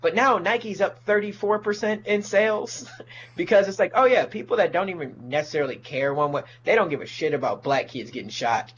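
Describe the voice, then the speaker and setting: Male stand-up, profane ranting guest, slightly high voice, dull lo-fi mic, faint hum behind. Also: fairly quick, a bit bright. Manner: profane, ranting, mocks people in put-on voices. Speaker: comedian guest. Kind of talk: casual podcast chat.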